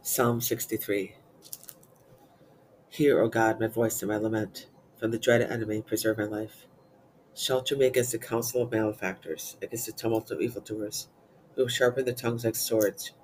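A man reciting psalms and liturgical prayers in a steady, measured way. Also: fairly low pitch, slight background noise, rough recording. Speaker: prayer reader.

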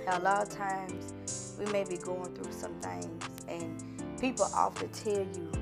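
A woman giving an impassioned, encouraging talk to her viewers, talking folksy and direct, building to fervent near-shouting like a preacher. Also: lowish voice, animated, slow, gravelly, loud music behind the voice. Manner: folksy, calls to the audience directly. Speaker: online encourager addressing viewers.

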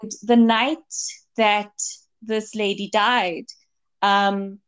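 A woman's voice: medium pitch, little pitch movement, drawn-out words, smooth. A woman co-hosting a casual chat, telling a long personal story with many fillers and restarts. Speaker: podcast co-host, medium.

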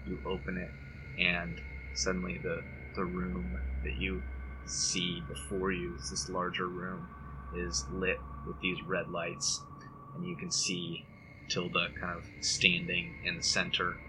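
A man narrating as game master in a tabletop role-playing game, describing scenes in halting, descriptive talk. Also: sits low, completely flat delivery, background noise.

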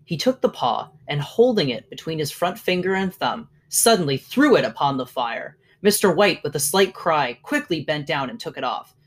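A narrator reading a classic short story aloud in a measured way, letting lines trail off. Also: medium pitch, very animated.

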